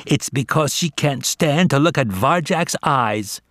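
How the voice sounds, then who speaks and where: A man's voice: on the high side, expressive, unhurried, fairly bright tone, no room sound, studio quality, pitched above the performer's own voice. A man voicing an arrogant, bullying big brother tomcat who sneers and threatens. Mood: scornful. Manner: sneering, menacing.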